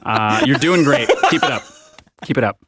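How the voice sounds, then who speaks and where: A man who voices characters for a living, guesting on a comedy podcast and making wry deadpan jokes. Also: mid-range voice, normal speed, slight background noise. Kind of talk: casual comedic chat.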